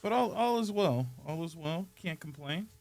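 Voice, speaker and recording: A man hosting a comedy podcast while putting on a playful impression of a soft-spoken TV painter, laughing often. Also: on the high side, animated, normal speed, gravelly. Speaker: podcast host. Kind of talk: comedic Bob Ross impression.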